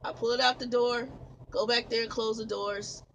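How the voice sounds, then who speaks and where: A man's voice: extremely high pitch, flat delivery, normal speed, a bit bright, a little hiss or hum, poor audio. A man who drives trucks tells a long, exasperated, rambling story to his camera from his truck cab, laughing now and then. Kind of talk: casual vlog storytelling. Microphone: camera facing the speaker.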